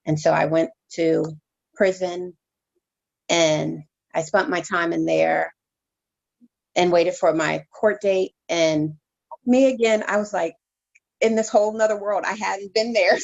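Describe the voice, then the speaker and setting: A woman reverend telling her personal testimony as an interview guest, in a halting, heartfelt way with many restarts. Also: on the low side, steady tone, creaky, highs cut off.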